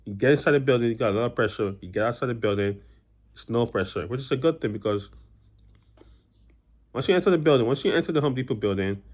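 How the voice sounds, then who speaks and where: Young guy vlogging, talks fast, rambly with tons of "you know"s. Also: mid-range voice. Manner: rambling, many restarts and "you know" fillers. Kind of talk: casual personal storytelling to camera.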